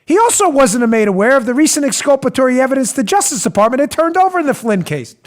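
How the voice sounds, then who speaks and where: A man hosting a political talk show, speaking in a sarcastic, animated, mocking manner from a studio. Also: extremely high pitch, quick pace. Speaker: host.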